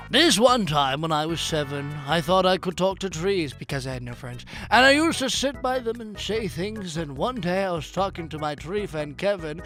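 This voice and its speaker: A man reading funny posts aloud in a jokey, animated way, swinging from deadpan to loud. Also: on the high side. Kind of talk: comedic reading.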